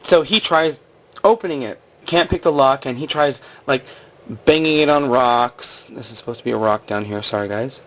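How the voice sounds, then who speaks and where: The clip has lo-fi sound as a man with a medium-pitched voice, moving at a moderate pace, recaps a TV episode over stick-figure drawings. He's chatty and rambling, leaning on "like" and performing the characters' lines.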